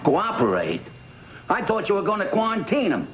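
An actor playing an older uncle who cooks for the family, trading wry, grumbling one-liners in a 1960s sitcom. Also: male voice, high-pitched, huge pitch swings, normal speed, fairly bright tone, full character voice. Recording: noisy old TV soundtrack.

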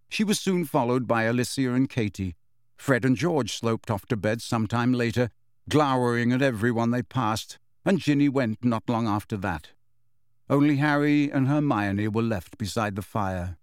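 Male narrator, measured storytelling, studio mic, dry. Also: mid-range voice, clean tone, no echo. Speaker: audiobook narrator. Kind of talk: scripted narration.

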